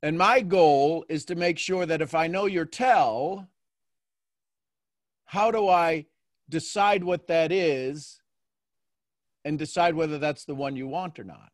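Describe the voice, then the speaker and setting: Guy coaching folks on a call, high voice, lively and playful, dry close sound. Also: takes it slowly, pauses often, no room sound. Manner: animated, playful, acts out quotes. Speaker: host and mentor.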